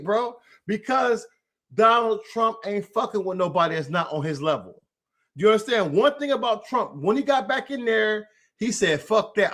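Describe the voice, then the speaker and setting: A man's voice: high-pitched, fairly bright tone. An American man hosting a political livestream, delivering a heated, profane rant and calling out an absent rival by name. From United States. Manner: addresses an absent rival directly. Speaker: political commentary host.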